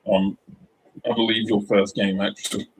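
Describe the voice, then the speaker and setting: Rambling low-voiced young man. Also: level tone, moderate pace, husky, poor audio. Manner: rambling, full of likes and ums. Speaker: livestream co-host. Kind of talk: casual sports chat.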